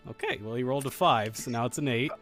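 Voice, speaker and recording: Bright-voiced man as game master. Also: medium pitch, fast talker, soft background music. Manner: joking, rambling, self-correcting. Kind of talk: narrating a tabletop game.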